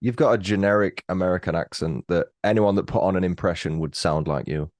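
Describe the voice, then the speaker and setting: A man's voice: low voice, a little fast, dry recording, studio quality. A man in his thirties with a British accent, talking bluntly and teasing as a guest in a casual chat, swearing freely. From Britain. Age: 30s. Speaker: podcast guest.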